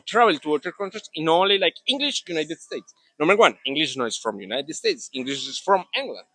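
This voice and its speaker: A young man with a Colombian Spanish accent, a native Spanish speaker, talking in an interview in halting English with many restarts. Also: on the high side, sharp tone, dry recording. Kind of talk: casual interview talk.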